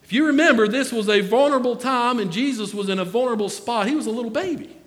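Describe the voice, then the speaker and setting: A man's voice: very high voice, fast, long reverb tail, soft background music. A man preaching a sermon in a folksy way, calling out to members of the congregation by name.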